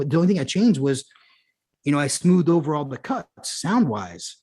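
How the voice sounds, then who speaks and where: Male podcast guest, ex-punk musician; loose, rambling anecdotes, frequent fillers and restarts, casual swearing, average pitch. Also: animated, fast, a little mellow, breathy edge. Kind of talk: casual conversational storytelling.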